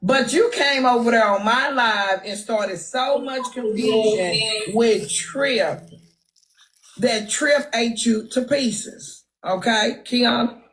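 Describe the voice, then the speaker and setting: A woman's voice: on the high side, slow pace, a bit bright, slight background noise, rough recording. Brash Texan woman trash-talking on a livestream. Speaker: livestream host. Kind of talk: casual live-stream gossip commentary. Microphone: phone livestream.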